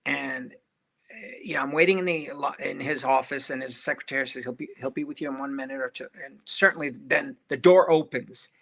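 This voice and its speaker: A man's voice: mid-range voice, a little fast, vocal fry. An older man, a film director, telling anecdotes in an interview and acting out the voices of people in his stories. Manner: animated storyteller who acts out quoted voices.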